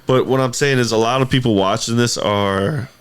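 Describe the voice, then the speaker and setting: A man's voice: medium pitch, moderate pace, clear, resonant tone. A young man, co-hosting a podcast in a laid-back, swearing manner, often agreeing with "yeah". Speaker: podcast co-host. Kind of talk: casual chat.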